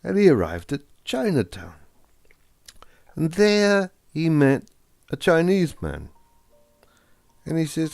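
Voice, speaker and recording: Slow, lively male storyteller. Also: on the high side, gravelly, dry recording, faint music behind. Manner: meandering, repetitive. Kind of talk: improvised comic storytelling.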